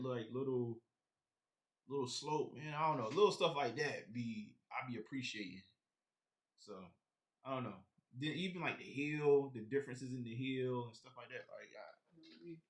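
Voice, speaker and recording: A man's voice: medium pitch, normal speed. Rambling man chatting on a live stream. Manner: rambling, talks straight to viewers. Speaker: sneaker collector streamer. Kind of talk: casual live-stream chat.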